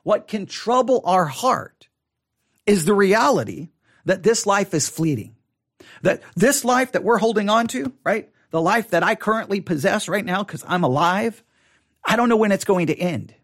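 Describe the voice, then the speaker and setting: A middle-aged Texan man leads a Bible study in a loose, conversational way. His voice sits a little high for a man. He stumbles and repeats words, then presses hard on the phrases he wants to land. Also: lively intonation, normal speed, a bit bright. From Texas. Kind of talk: informal Bible study teaching with personal stories.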